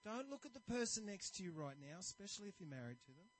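Brief: male preacher, high and lively voice, animated storytelling sermon. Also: quick pace, a little hiss or hum, rough recording. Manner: animated, storytelling, self-deprecating. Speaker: pastor.

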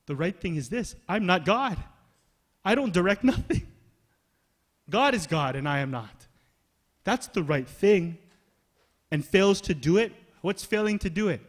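Animated male pastor preaching a sermon. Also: fairly high pitch, a little slow, long pauses. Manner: animated preaching that swings from loud emphasis to soft, hushed asides; casual, conversational phrasing with slang.

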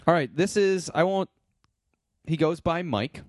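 A man's voice: on the high side, a little slow, a little mellow, no echo, studio quality. A man co-hosting a podcast in a casual chat, loose and wry. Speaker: podcast co-host.

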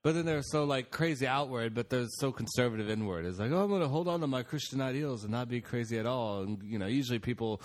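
A man's voice: mid-range voice, quick pace, hardly any pauses. A man co-hosting a podcast, chatting casually with crude jokes and banter. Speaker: podcast co-host. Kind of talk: casual chat.

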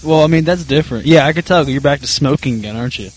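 A man's voice: on the high side, quick pace, over loud music, low-quality recording. A man in his twenties co-hosting a casual podcast over a remote call, laughing along and asking follow-up questions. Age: 20s. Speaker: podcast co-host. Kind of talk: casual chat.

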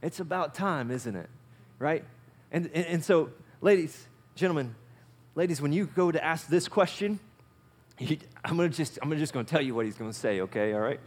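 A male pastor preaching a sermon in a relaxed, conversational way, with a fairly high-pitched voice. He repeats his phrases and moves between loud, punchy lines and quiet asides. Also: moderate pace.

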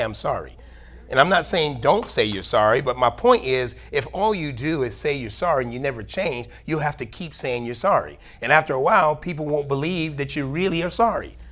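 A man preaching a sermon in a church, with a voice of middling pitch. He reads scripture out and explains it, and keeps turning to the congregation with "amen?". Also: fairly bright tone. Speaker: pastor.

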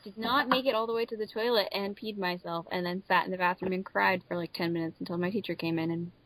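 A woman's voice: fairly low pitch, steady tone, fast, a bit bright, dry recording, low-quality recording. A young woman co-hosting a casual podcast, chatty and upbeat as she tells stories. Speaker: podcast co-host. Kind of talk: casual chat.

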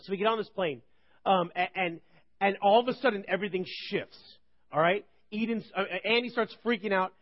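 A man in his thirties preaching to a church group, telling funny stories in an animated, rambling way. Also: high-pitched, fairly quick. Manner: animated, joking, rambling with restarts. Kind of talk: humorous sermon storytelling. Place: church service. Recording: dull lo-fi recording.

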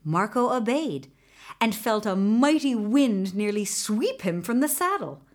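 A woman narrating a fairy tale in an expressive storybook reading style. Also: fairly high pitch. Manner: expressive, unhurried.

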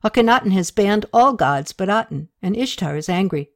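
Stern scheming high priest, as a woman reads him. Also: expressive, normal speed, lightly acted. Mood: explaining.

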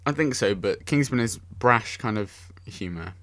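A man's voice: lowish voice, lively intonation, normal speed, a bit bright, no echo. A young man hosting a casual podcast, rambling enthusiastically about films and often correcting himself. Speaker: podcast host. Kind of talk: casual film chat.

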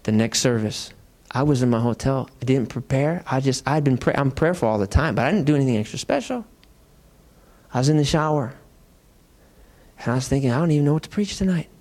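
Lively conversational preacher, mid-pitched man. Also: brisk. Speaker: pastor. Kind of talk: sermon storytelling. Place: church.

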